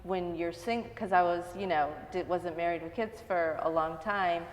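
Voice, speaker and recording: A woman guest in a casual interview, earnest and animated when telling stories. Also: lowish voice, normal speed, in a large hall.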